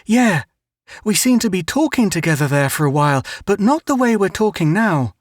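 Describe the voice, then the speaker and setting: Man playing a young boy, earnest, clever, quick, raised pitch, dry sound. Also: big pitch swings, dry recording.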